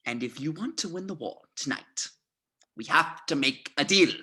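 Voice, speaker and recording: A script reader voicing a cunning, smooth-talking male SS colonel in a theatrical, mock-polite way, swinging between hushed and loud. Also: medium pitch, animated, normal speed. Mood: scheming. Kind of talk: amateur script reading.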